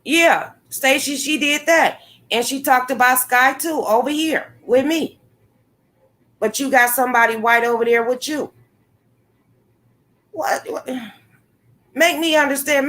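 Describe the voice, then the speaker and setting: A woman with a slightly high voice hosts a casual livestream, talking straight to her viewers. She is blunt and animated, swearing freely as she comments and answers the chat. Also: measured pace. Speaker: livestream host. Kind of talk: casual live-stream commentary.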